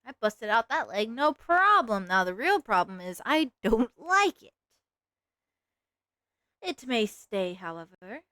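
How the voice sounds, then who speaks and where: A young woman streams and chats while drawing, her voice bouncing up and down with lively, giggly energy. She pokes fun at herself, the sound dry and close to the mic. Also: fairly high pitch, takes it slowly, no echo. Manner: chatty, giggly, self-mocking. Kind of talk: casual live-stream chat while drawing.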